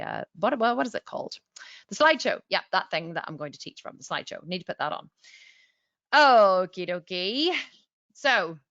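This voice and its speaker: A bright, forceful middle-aged woman hosts a live webinar from her office, greeting viewers and reading their comments in a chatty, upbeat way. Her voice is dry and close, through a slightly dull webcam mic. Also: mid-range voice, dry recording. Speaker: webinar host. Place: small office.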